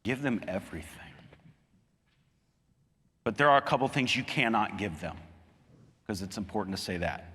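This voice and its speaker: A man preaching a sermon as a pastor, earnest, climbing higher and louder when he drives a point home. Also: animated, moderate pace, long pauses, slightly rough, big-room sound. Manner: earnest preaching, rising emphatically on key points.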